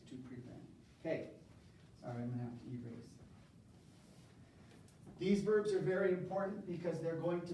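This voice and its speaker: A man's voice: mid-range voice, dark tone, slight background noise. A man teaching a university Spanish class, drilling verb conjugations with his students in a call-and-response lecture. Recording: echoey classroom from far off.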